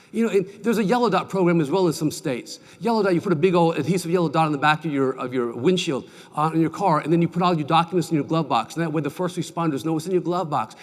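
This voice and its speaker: A middle-aged man delivers a keynote speech in a folksy, animated way, with a fairly high voice. He tells stories and keeps asking the crowd questions. The sound carries the long echo of a large conference hall. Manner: folksy, animated storyteller, asks the audience questions. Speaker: keynote speaker. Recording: distant mic with long hall reverb.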